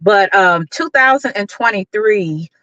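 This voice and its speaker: Bright-voiced woman chatting on a livestream. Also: medium pitch, expressive, a little slow, no echo, lo-fi sound. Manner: chatty, greets viewers by name, many fillers. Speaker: YouTube livestream host. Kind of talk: casual livestream chat.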